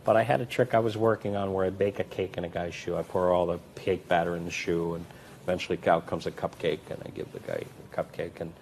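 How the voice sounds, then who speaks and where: The man speaks at a quick pace over slight background noise. He's a magician and comedy performer telling interview anecdotes, animatedly giving voice to the characters in them with big pitch and loudness swings.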